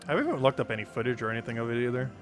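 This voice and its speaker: Lively, chatty male game streamer. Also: medium pitch, racing, music in the background. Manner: chatty, answers chat, laughs often. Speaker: live streamer. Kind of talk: casual gameplay commentary.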